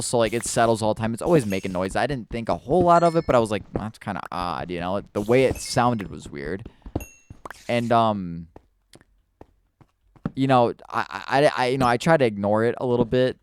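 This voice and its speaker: A man's voice: medium pitch, lively intonation, normal speed, a little hiss or hum. Man rambling through a spooky storytime. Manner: rambling, hesitant, many restarts and fillers. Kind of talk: casual storytime narration while playing a video game.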